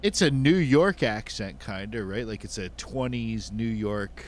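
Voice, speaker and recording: A man's voice: fairly low pitch, expressive, a little slow, a little hiss or hum. A young man with a Philadelphia-area accent, rambling through casual podcast chat with lots of fillers. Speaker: podcast co-host. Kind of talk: casual chat among friends.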